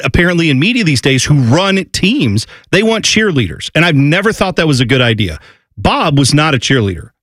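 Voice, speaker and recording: Animated man hosting sports talk. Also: a little high, no room sound. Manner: animated, does exaggerated impressions. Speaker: sports radio host.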